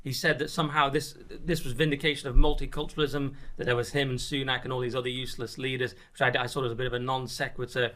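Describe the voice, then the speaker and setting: A man hosting a political podcast from a studio, with brisk, wry, casual delivery. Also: medium pitch, level tone, sharp tone. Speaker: podcast host.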